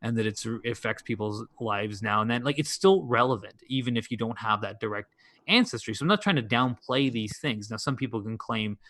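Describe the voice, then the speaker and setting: A man's voice: mid-range voice, fairly quick, a bit bright, dry recording. Rambling man on a dry mic. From Canada. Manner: meandering, thinks aloud with frequent restarts. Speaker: podcast co-host. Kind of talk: casual chat.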